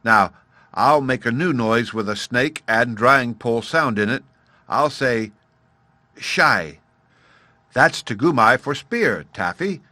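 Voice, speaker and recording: A man's voice: medium pitch, lively intonation, slow pace, bright, forceful tone, no echo. A man playing a patient caveman dad. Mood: playful. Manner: patient, explaining. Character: thoughtful, playful caveman father.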